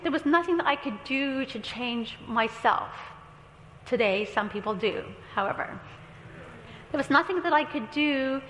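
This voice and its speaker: A woman's voice: high-pitched, fairly bright tone, slight background noise. A woman pastor preaching a sermon, telling a story with quoted dialogue and light humor. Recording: echoey hall with long reverb.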